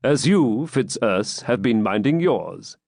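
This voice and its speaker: A man voicing a calm, pleasure-loving medieval knight who speaks coolly and evenly. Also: mid-range voice, gravelly, dry recording, studio quality, exaggerated voice. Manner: calm and cool, measured.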